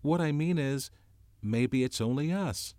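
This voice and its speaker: A shy, stumbling boy speaks up in a higher voice than his reader's own, as a man puts him on. The words come out slowly and hesitantly, as if he can barely say what he means. The sound is dry and close, like an audiobook reading. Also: a little mellow, no echo, lightly acted. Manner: halting, hesitant delivery.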